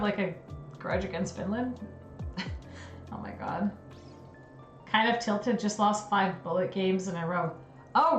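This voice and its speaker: Giggly woman streamer, roomy sound. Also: medium pitch. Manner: giggly, chatty, reacts with frequent laughter. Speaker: livestream host. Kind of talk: casual livestream chat reading conspiracy theories.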